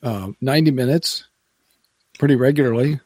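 A man's voice: mid-range voice, normal speed, dark tone, dry recording. Rambling ex-radio man in casual podcast chat, stop-start delivery; mid-range voice, dry close recording. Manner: rambling, self-interrupting, laughs often. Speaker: podcast guest, former radio broadcaster.

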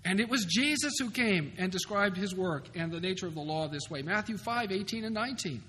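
A high-voiced man lectures from the front of a large hall, pressing his points with emphatic, animated delivery and dry humor. Long reverb hangs on his voice over faint background noise in an older conference recording. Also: fairly quick. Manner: emphatic, animated, wry asides. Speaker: seminary professor lecturing.

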